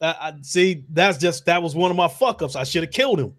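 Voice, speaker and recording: A man, calmly recounting his playthrough in a casual chat. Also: a little high, fairly quick. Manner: relaxed, laughs along, recounts gameplay.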